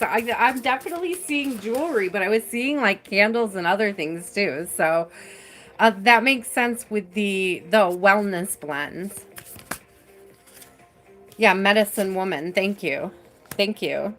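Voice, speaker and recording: A woman hosting a live tarot reading in an unhurried, soft and reassuring voice, pausing often on "like" and "um." Her pitch sits in a middle range, and faint music plays behind her. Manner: slow, soft and reassuring, with many fillers. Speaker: tarot reader.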